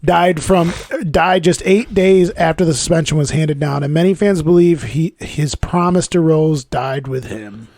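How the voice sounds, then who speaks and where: Rambling, profane young podcast host. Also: male voice, fairly high pitch, measured pace, hardly any pauses, darkish tone, dry recording, clean studio sound. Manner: rambling, profane, laughs while retelling bits. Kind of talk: casual podcast chat.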